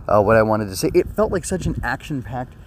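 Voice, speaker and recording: A man's voice: mid-range voice, big pitch swings, brisk, slight background noise. Rambling man with a sore throat. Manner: rambling, full of fillers and restarts; earnest and emotional. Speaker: anime episode reviewer. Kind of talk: casual spoken review.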